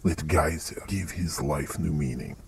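A man's voice: rumbling low, unhurried, background noise. A man doing a whispery menacing vampire lord. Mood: tempting. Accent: put-on Eastern European style. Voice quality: hushed, whispery delivery. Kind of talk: tabletop game voice acting.

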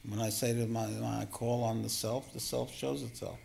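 Gravelly, gently chuckling male meditation teacher. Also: medium pitch, flat delivery, moderate pace, slight background noise. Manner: gentle, chuckling, self-deprecating. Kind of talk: spiritual teaching talk.

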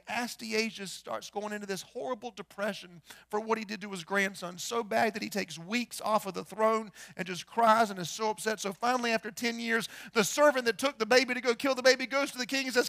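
A pastor preaching a storytelling sermon, swinging between hushed and loud and firing rhetorical questions. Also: male voice, sits high, no room sound. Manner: rhetorical questions, repeats words.

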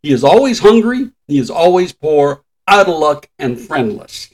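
Older male co-host, slightly high voice, relaxed trivia storyteller who chuckles a lot. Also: moderate pace, low-quality recording. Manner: chatty storyteller, shares trivia, chuckles often. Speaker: podcast co-host. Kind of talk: casual chat.

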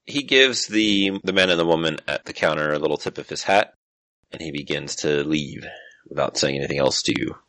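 Deep-voiced man running a tabletop game. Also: a little fast, fairly bright tone, poor audio. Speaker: game master.

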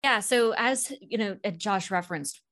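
A woman co-hosting a political panel talk, laying out evidence point by point in a brisk, sardonic way. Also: mid-range voice, fairly bright tone. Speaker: political podcast co-host. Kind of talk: opinionated panel discussion.

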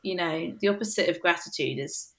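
A woman's voice: on the low side, a little fast. A woman from the UK, a worship musician, talking earnestly and casually in a podcast interview, with many fillers.

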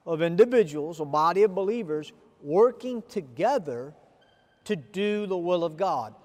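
A man preaching a sermon to viewers, with a deliberate, emphatic delivery. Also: sits high, darkish tone, long reverb tail. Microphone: camera recording of a speaker addressing viewers.

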